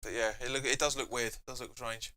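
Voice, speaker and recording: A man's voice: mid-range voice, fairly even intonation, fast, sharp tone. A man hosting a live football watch-along, chatting casually and reading viewer comments aloud between reactions to the match. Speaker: fan channel host.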